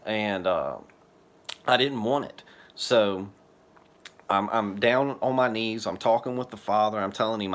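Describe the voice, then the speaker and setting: A man's voice: on the low side, measured pace, fairly bright tone. A man telling his personal religious testimony in an earnest, rambling, casual way. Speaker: testimony speaker.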